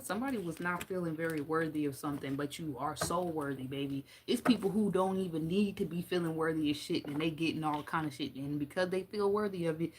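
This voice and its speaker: A woman's voice: sits low, a little hiss or hum. Blunt, laughing woman tarot reader. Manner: blunt, profane and playful, laughing often. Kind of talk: casual tarot reading monologue.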